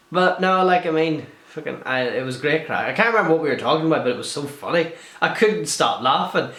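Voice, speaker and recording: A man's voice: on the high side, fairly quick. Chatty young man, echoey. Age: young adult. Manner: chatty, swears freely, animated asides. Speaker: video blogger. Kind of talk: casual Q&A vlog.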